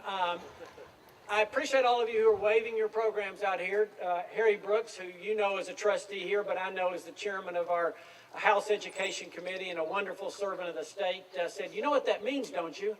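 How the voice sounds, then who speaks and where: Man, about 60, relaxed self-deprecating commencement speaker; fairly high voice, recorded from afar outdoors. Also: brisk. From Tennessee, USA. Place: outdoor field at a graduation ceremony. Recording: distant speech with faint outdoor ambience.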